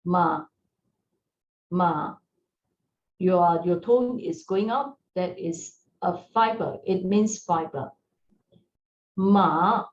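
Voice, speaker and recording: A woman teaching a beginners' Mandarin lesson, gentle and encouraging, often checking in with her learners. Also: on the low side. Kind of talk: slow, patient language lesson. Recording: roomy, distant, dull sound with faint hiss.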